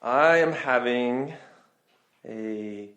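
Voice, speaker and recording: A young man appearing as a guest on a casual podcast. He speaks slowly and keeps his replies short and unhurried. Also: medium pitch, fairly bright tone, dull audio. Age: young adult. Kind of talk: casual chat.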